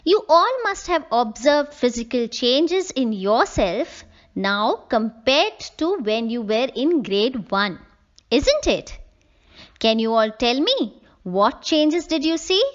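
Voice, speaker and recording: A woman teacher, slowly explaining a textbook lesson to young children and spelling out words letter by letter. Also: sits high, big pitch swings, highs cut off. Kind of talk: classroom lesson reading from a textbook.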